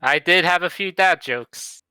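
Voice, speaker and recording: A man chats slowly with his tabletop group, pausing as he works out what to say. His voice is bright and smooth, recorded dry and close. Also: high-pitched, dry recording, poor audio. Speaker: player. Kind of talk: casual tabletop game chat.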